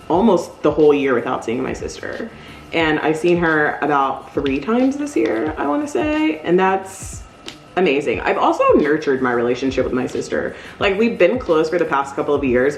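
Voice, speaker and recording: A woman's voice: low voice, roomy sound. A woman in her thirties talking candidly in a casual, rambling vlog while decorating cookies, using lots of fillers. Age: 30s. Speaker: vlogger.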